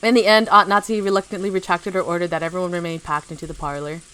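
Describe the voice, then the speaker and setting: A woman's voice: lowish voice, flat delivery, racing, bright, forceful tone, clean tone. A woman streamer reading a visual novel aloud, giggling, correcting herself, and chatting to viewers between passages.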